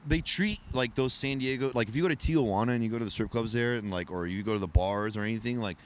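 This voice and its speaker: Fast-talking man telling wild stories. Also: medium pitch, clear, resonant tone. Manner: animated, profane, acts out quotes. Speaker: podcast guest. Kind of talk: casual storytelling.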